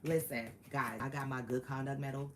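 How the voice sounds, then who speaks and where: A woman, chatting casually to camera about her Marine days, animated and full of slang and laughter. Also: a bass voice, a little fast, a little hiss or hum. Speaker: Marine veteran vlogger.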